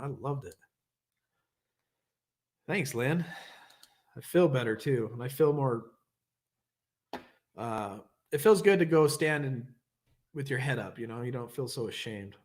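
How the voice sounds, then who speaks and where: A young adult man hosting an online recovery meeting, candidly telling a rambling story and acting out what people said. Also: on the high side. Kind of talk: casual storytelling share.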